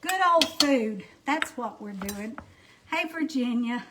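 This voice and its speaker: A middle-aged woman with a warm-sounding Alabama drawl talks her viewers through a home-cooked supper, folksy and chatty, calling out hellos by name. Her voice sits high. The kitchen is noisy, with pots and dishes knocking clearly in the background. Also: animated, takes it slowly. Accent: Southern US, Alabama. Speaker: home cooking livestream host. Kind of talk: casual cooking livestream chat.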